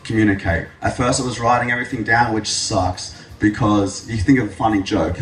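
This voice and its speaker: A young man giving a public speech, telling his story with lively jokes. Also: fairly low pitch, brisk, noisy background. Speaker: speaker at an event. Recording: echoey hall, mic from a distance.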